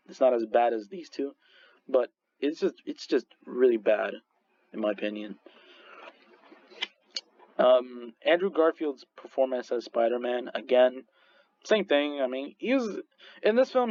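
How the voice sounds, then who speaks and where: A man's voice: medium pitch, lively intonation, normal speed, darkish tone, no room sound, dull audio. A man reviewing movies in casual chat, rambling with many restarts and frequent laughs. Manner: rambling, full of restarts and fillers, laughs often.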